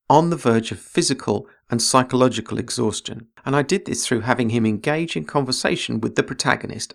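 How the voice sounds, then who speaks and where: A man hosting a writing podcast, explaining character craft in a measured, explanatory way. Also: medium pitch, gravelly, a bit bright. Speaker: podcast host and writing teacher. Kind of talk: instructional podcast.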